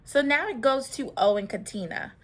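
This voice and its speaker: In a high, expressive voice at a normal pace, a young woman hosts a laid-back reality show recap. She's chatty, leaning on lots of filler words and letting out the odd sigh.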